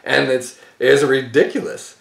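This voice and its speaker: A man's voice: medium pitch, little pitch movement, a little slow, vocal fry, fairly bright tone, echoey room. A man hosting a card-opening channel, giving his opinion in a casual, rambling way, breaking into laughter often and restarting his sentences.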